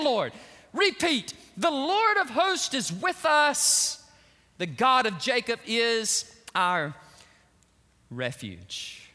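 A man preaching a sermon in an animated, emphatic way, often repeating words for stress. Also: a little high. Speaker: pastor. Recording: long hall reverb.

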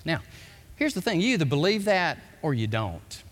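A male pastor preaching a sermon, with animated shouts and quick drops to asides. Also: on the high side, long reverb tail.

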